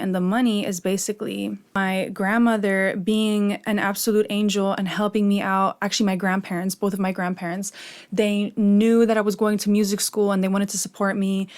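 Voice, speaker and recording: A woman's voice: mid-range voice, darkish tone. A young woman vlogger talking about meditation and manifesting. She tells a story in a chatty, casual way, swears freely and fills her talk with "like" and "you know.".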